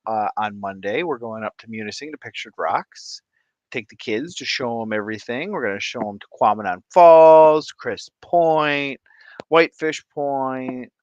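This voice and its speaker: A man's voice: mid-range voice, measured pace, dry recording, dull audio. A man vlogging who tells a rambling, casual story and laughs often mid-sentence. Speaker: fish-keeping vlogger.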